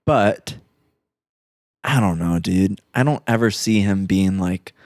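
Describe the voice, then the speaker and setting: Low-voiced man riffing on a movie. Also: slow pace, darkish tone, no room sound, studio quality. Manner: loose, swearing, lots of "like". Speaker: podcast co-host. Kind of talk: casual movie chat.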